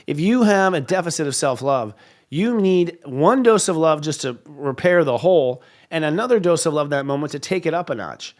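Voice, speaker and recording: A man's voice: a little high, expressive, moderate pace. A man in his fifties hosting a casual spiritual talk show, speaking in a candid, confessional and emphatic way. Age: 50s.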